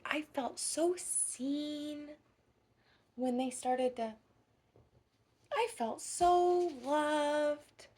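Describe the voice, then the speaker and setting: A woman voicing a playful, affectionate childlike frog in whispered role-play, with soft gasps and a singsong lilt. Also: high voice, husky, full character voice. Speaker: children's storyteller.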